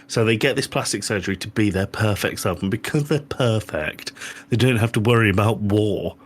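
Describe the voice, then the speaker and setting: A man's voice: lowish voice, fairly quick, husky. A British man co-hosting a podcast, ranting and swearing at a film he found stupid, acting out its scenes. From Britain. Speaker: podcast co-host. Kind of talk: casual chat, film review.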